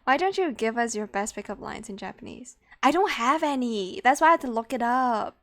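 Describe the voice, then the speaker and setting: A young woman streaming live, chatting with her viewers in a playful, self-mocking manner. Her voice sits a little higher than most, and she laughs easily between remarks. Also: expressive, a little fast, fairly bright tone. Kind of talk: casual live-stream chat.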